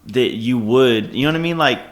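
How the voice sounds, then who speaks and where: A man's voice: medium pitch, brisk. Rambling, profane podcast co-host man. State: slightly drunk. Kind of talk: casual podcast chat.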